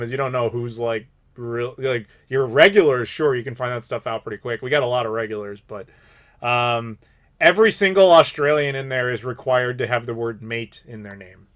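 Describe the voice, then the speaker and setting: A man in his thirties hosting a live Q&A stream, telling rambling stories in casual chat. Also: mid-range voice. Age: 30s. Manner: rambling, animated storytelling with laughs. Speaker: streamer host.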